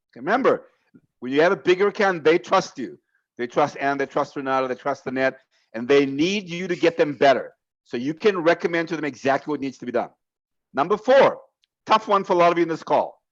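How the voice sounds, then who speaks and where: A man's voice: on the high side, lo-fi sound. A man giving a motivational sales coaching talk on a team video call, emphatic and direct, laying out numbered points to his reps.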